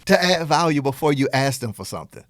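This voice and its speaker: Animated Southern man, lively pitch. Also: fast, dry recording, studio quality. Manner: animated, playful, acts out dialogue in quotes. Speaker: podcast host and business coach. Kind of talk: energetic motivational talk.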